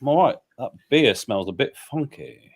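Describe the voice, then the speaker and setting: A man co-hosting a casual livestream, chatting wryly and relaxed over a beer. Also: medium pitch, moderate pace, husky. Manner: relaxed, wry, a bit hesitant. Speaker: livestream co-host.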